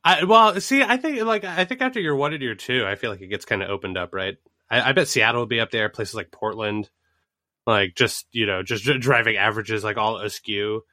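Brash, bright-toned man with a mixed accent. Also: on the low side, no echo, studio quality. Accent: mixed Boston, Southern and Midwestern. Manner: brash, profane and quick, breaking into laughs. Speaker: podcast co-host. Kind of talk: casual chat.

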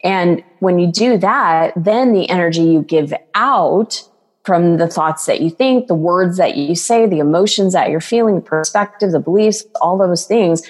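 A woman talks as a guest coach in an earnest, flowing way, now and then acting out the voices of others. Her voice sits a little low, and a long reverb trails behind it. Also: slightly rough. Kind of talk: casual interview talk.

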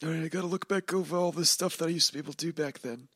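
A man's voice: on the high side, fairly even intonation, racing, a bit bright, breathy edge, no echo, clean studio sound. A man running a tabletop game as game master, talking through the rules in a laid-back, chatty way. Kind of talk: narrating a tabletop game in character.

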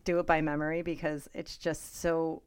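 A woman's voice: sits low, level tone, normal speed, darkish tone, smooth. A woman co-hosting a podcast in casual chat, retelling a story in a chatty way with lots of fillers. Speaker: podcast co-host.

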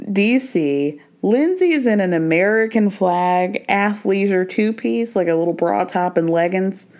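A woman's voice: lowish voice, darkish tone. A woman hosting a podcast, recapping a reality show in casual, gossipy chat and slipping into quoted voices. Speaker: podcast host.

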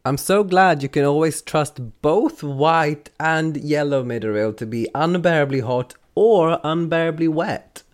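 A man voicing an excitable, cheeky young adventurer in an audiobook, loud and sarcastic. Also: a little high, a little slow, few pauses, pitched above the performer's own voice, close to an everyday voice.

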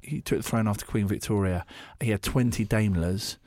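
A man's voice: fairly low pitch, normal speed, darkish tone, no room sound. A man co-hosting a casual chat show, rambling and joking, often trailing off mid-sentence. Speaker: podcast co-host.

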